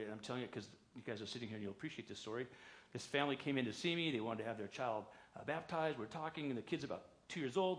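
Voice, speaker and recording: A male pastor preaches a conversational sermon in a church sanctuary, telling stories and acting out quoted voices by raising his pitch. His voice has a fairly bright tone, with a little hiss or hum in the recording.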